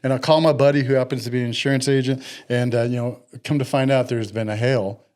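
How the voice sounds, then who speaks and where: A middle-aged man telling a story in casual podcast chat, animated and acting out the people he quotes. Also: medium pitch, fast talker.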